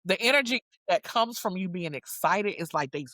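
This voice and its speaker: An animated woman tells her story in loose, slangy talk, swinging her pitch high whenever she gets excited and acting out every quoted line. Her voice sits at a middle pitch, and the recording is dry and close with no room echo. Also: normal speed. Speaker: guest singer-songwriter. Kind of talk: casual storytelling chat.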